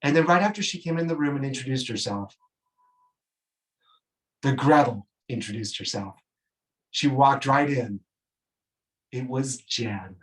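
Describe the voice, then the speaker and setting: Man telling a lively stage story. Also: measured pace, pauses often, recorded from a distance, rough recording. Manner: animated, gushing, with sudden high swoops. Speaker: solo performer. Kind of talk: theatrical storytelling monologue. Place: theatre stage.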